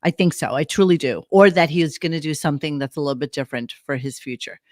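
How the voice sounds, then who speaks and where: A man's voice: fairly high pitch, fast, dry recording. Dry-voiced man steering a podcast chat. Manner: leads the talk, steers topics, repeats phrases for emphasis. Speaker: podcast co-host. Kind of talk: casual chat.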